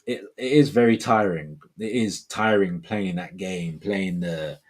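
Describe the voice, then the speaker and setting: A man's voice: low voice, measured pace. A man in his forties hosting a livestream, chatting casually and reading viewer comments in a rambling, laid-back way, saying "man" and "bro" often. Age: 40s. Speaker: livestream host.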